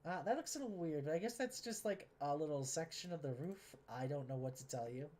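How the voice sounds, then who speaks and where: A woman's voice: sits low, animated, fairly quick, warm tone, a little hiss or hum. A woman streaming a train building game, talking casually to herself and viewers, sarcastic and exasperated, often swearing.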